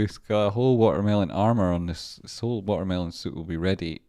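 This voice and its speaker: Low-voiced mumbling Scottish man. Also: brisk, few pauses, dark tone, dry recording, clean studio sound. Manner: mumbling, muttering to himself while working. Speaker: livestreamer and stock chart analyst. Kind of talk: casual live-stream chatter.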